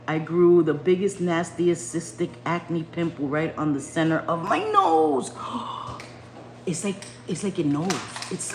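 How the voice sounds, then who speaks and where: A middle-aged woman chatting casually on a home live stream, loud and swearing, laughing a lot. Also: lowish voice. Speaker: livestream host. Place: home bedroom at night. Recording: echoey room with faint noise.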